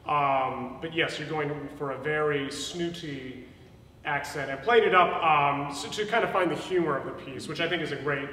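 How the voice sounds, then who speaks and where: A man's voice: fairly high pitch, moderate pace, bright, forceful tone. Man coaching a voice lesson, echoey. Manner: encouraging, explanatory, many fillers. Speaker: voice teacher. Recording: echoey room, mic far off, with piano.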